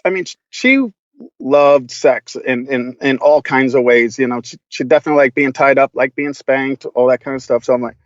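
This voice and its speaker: A man's voice: mid-range voice, moderate pace, no room sound, dull audio. A man guesting on a podcast, telling stories casually, laughing a lot and swearing freely with many restarts. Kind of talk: casual storytelling.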